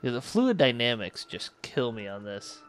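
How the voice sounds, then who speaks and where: A man's voice: mid-range voice, big pitch swings, moderate pace, slight background noise. A man hosting a let's play, thinking aloud and correcting himself as he manages a space colony game. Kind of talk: casual gameplay commentary.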